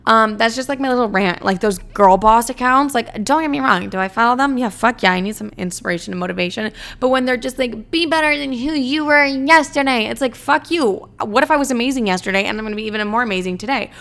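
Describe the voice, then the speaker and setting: A woman's voice: a little high, fast talker, few pauses, fairly bright tone. A young woman in her twenties, answering fan questions in a blunt, profane, ranting chat full of "like". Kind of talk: casual chat.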